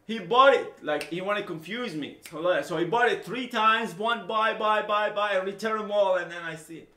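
Speaking to camera without a script, this middle-aged man, owner of a software firm and a native Arabic speaker from the Middle East, rants with passion. The room echoes as he repeats himself, shifting between loud and quiet.

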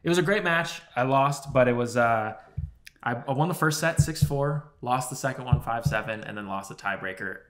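A man co-hosting a podcast, telling a long story in a rambling, animated way with lots of swearing and filler words. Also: mid-range voice, normal speed. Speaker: podcast co-host. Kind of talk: casual storytelling chat.

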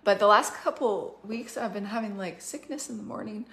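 A woman's voice: medium pitch, moderate pace, a bit bright. Fervent woman preaching on a livestream. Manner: fervent, emphatic, speeds up in asides. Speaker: prophetic minister and school leader. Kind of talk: livestreamed prophetic teaching.

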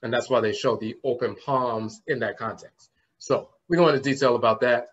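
A man's voice: mid-range voice, steady tone, moderate pace. Man lecturing on word origins. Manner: explains word roots, spells terms out letter by letter; often trails off with "and so forth". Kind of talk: conference lecture. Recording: slightly muffled lo-fi recording.

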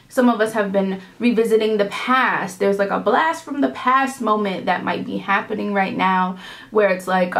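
A woman from New York City giving a casual tarot reading to her viewers. She is animated and rambling, with slang, swearing and big swings in pitch. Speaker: tarot reader.

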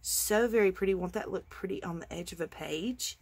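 A craft channel host from Georgia gushes enthusiastically over the items in her casual show-and-tell vlog, sometimes dropping to a near-whisper. Her voice is fairly low, slightly mellow, and husky, at a normal speed.

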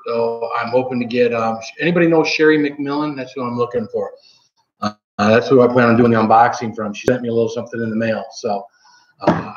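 A man's voice: medium pitch, fairly bright tone. Rambling man on a live stream. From Michigan, USA. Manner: rambling, many ums and self-corrections. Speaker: channel host. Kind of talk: casual live-stream chat. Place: home. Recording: roomy, slightly dull home audio.

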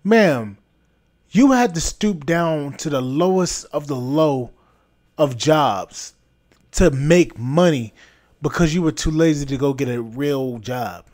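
A man's voice: fairly high pitch, animated, takes it slowly, darkish tone. A man hosting a podcast, delivering a blunt, repetitive, scolding opinion rant. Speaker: podcast host.

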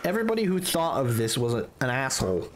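A man streams his gameplay and rants in a profane, exasperated way, his voice leaping around as he complains. Steady noise hums clearly behind him. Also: medium pitch, fast talker. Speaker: gaming streamer. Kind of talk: let's play commentary.

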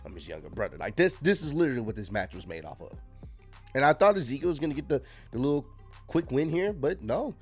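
A man's voice: a little high, sing-song, quick pace. Laid-back man reviewing wrestling, faint music. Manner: laid-back, frank, many fillers and restarts. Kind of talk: casual solo review talk.

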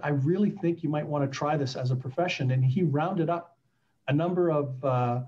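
A middle-aged man from Canada telling stories in a casual interview, animated and acting out quoted voices. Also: medium pitch, muffled recording. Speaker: guest.

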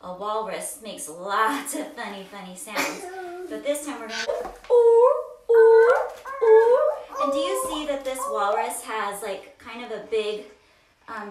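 A woman teaching a children's yoga storytime, reading aloud in a slow, coaxing, sing-song way. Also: medium pitch, a bit bright. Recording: roomy, distant from mic.

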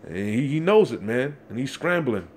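A man preaching from scripture, reading verses slowly and breaking in constantly with "you see?" and "man.". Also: medium pitch, big pitch swings, slight background noise. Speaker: street preacher. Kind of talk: fiery scripture exposition.

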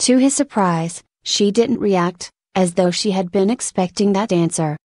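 Woman narrator, story reading, steady, even, dry close recording. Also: mid-range voice, a little slow, no room sound.

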